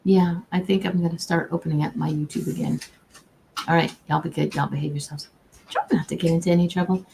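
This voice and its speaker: On her own streaming camera, a customer service agent gives casual advice in a chatty, folksy, warm-hearted way, repeatedly restarting what she says. Her low voice is steady and quick with vocal fry, and the low-quality recording has a bit of hiss or hum.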